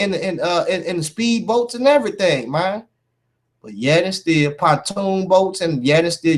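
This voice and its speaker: Man, fairly high voice, heated call-out rant, keeps saying man and bruh, confrontational. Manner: emphatic, repeats "man" and "bruh" as fillers; confrontational, addresses a rival directly. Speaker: YouTube commentator.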